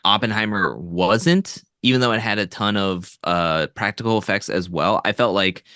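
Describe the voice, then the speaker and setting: A man in casual podcast chat, animated and laughing often as he talks about movies. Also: fairly low pitch, moderate pace, no room sound, clean studio sound. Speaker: podcast co-host.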